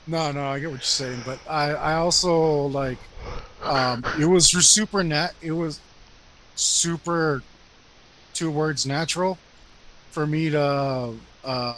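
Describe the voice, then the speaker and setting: A man's voice: fairly high pitch, fairly bright tone, low-quality recording. Easygoing man with faint hiss. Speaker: podcast co-host. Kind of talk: casual chat.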